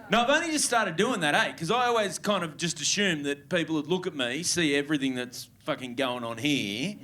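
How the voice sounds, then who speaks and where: Bright-voiced Australian man doing stand-up. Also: fairly high pitch. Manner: laid-back, swearing, chatty with the crowd. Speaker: stand-up comedian. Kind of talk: stand-up comedy set. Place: comedy club stage with audience.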